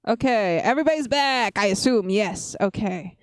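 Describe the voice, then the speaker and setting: A woman's voice: mid-range voice, lively intonation, moderate pace, hardly any pauses, no echo, clean studio sound, faint music behind. A woman streamer telling a storytime at home in a casual, rambling way, giggling often.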